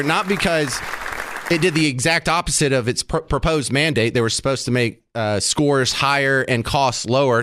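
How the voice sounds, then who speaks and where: A man's voice: mid-range voice, noisy background. A man hosting talk radio commentary from a studio, sarcastic and argumentative.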